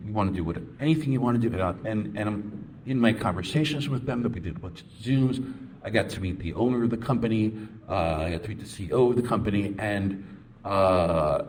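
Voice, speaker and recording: A middle-aged man with a low, deep voice answers a question from the floor at a comics panel. He tells a long, rambling story and acts out what others said. A faint hiss runs under the recording.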